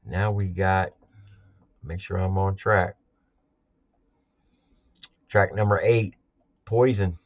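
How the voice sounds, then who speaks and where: A man's voice: deep voice, fairly even intonation, slow pace, pauses often, no room sound, dull audio. A man hosting a live album reaction, talking casually and emphatically and repeating his points.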